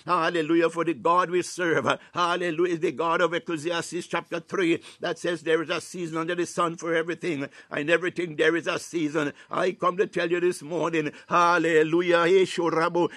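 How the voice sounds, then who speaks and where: A man's voice: a little high, bright, forceful tone, no echo. A man preaching a fervent morning prayer and exhortation, quoting scripture and breaking into tongues between phrases, with many "uh"s and "hallelujah"s. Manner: fills pauses with "uh" and "hallelujah"; quotes scripture in King James wording.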